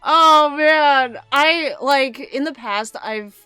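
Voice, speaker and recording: Bright, giggly woman streamer. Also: high voice, takes it slowly, dry recording, faint music behind. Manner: giggly, playful. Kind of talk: casual gaming commentary.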